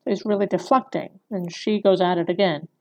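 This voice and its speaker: A woman lectures on screenwriting in a relaxed, conversational way. Her voice sits a little low and has a gravelly fry, and she keeps checking in with her listeners by asking "right?". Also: brisk. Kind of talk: recorded lecture.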